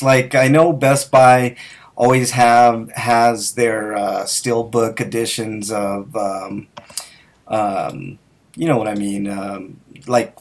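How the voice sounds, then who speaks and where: A man hosting a gaming podcast in casual chat, hesitant, with many fillers and restarts. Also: mid-range voice. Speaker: podcast host.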